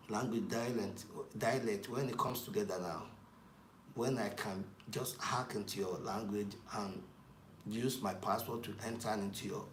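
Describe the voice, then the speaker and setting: A man's voice: lowish voice, a bit bright. A man giving a rambling casual talk, with many fillers and restarts. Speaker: commentator. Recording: echoey room with faint noise.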